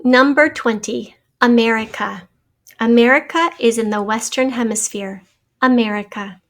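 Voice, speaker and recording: A woman's voice: fairly high pitch, moderate pace, fairly bright tone. Patient woman teacher spelling out words. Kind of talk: giving a spelling test and answer key.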